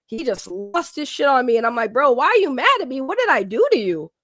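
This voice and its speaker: A woman's voice: sits high, very animated, a little fast, fairly bright tone, no echo, clean studio sound. A woman hosting a casual livestream, talking back to her chat and ranting with swearing and laughter. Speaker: livestream host.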